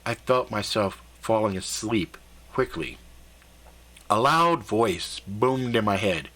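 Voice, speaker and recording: Animated man narrating a story. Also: on the low side, slow pace. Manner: animated, conversational, a little profane. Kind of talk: first-person story narration.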